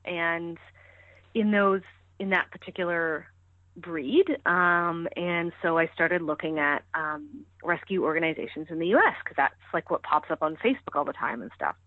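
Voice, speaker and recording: A woman's voice: fairly low pitch, fairly even intonation, moderate pace, no room sound. A woman chatting as a podcast guest, talking freely with lots of fillers and restarts. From Canada. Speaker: podcast guest, ski coach. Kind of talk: casual interview chat. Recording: tinny phone-like line, dry.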